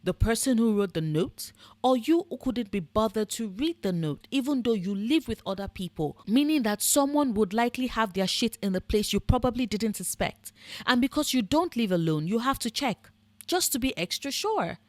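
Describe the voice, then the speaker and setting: A woman's voice: a little high, lively intonation, moderate pace, no echo. A woman giving scripted commentary in a blunt, sarcastic, profane manner. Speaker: book and fandom commentator.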